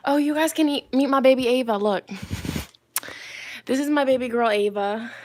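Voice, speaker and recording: A woman's voice: on the high side, moderate pace. A young woman hosting a casual live stream from her phone as a tarot reader, talking in a loose, slangy way and reading viewer comments aloud. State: a little out of breath. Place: outdoors with spotty wifi.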